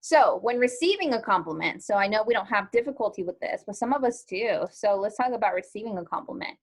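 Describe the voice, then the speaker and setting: A woman leads a live online lesson in a loose, conversational way. She fills her speech with ums and likes and keeps turning to the class with questions. Her voice sits at an ordinary middle pitch. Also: expressive, quick pace. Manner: chatty, lots of ums and likes, asks students questions. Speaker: teacher.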